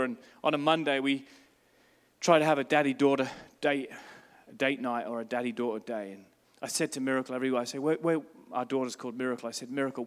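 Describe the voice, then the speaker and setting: A man's voice: medium pitch, long reverb tail. A man, a pastor preaching a sermon, telling stories with emphasis.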